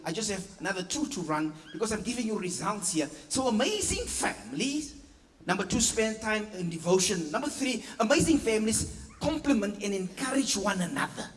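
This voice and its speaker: A pastor preaching a sermon, asking the congregation for agreement and acting out family scenes with playful voices and sound effects. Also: male voice, high voice, big pitch swings, fairly quick, a little hiss or hum. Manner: preaching with call-and-response questions to the congregation. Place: church hall. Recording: long reverb of a church hall.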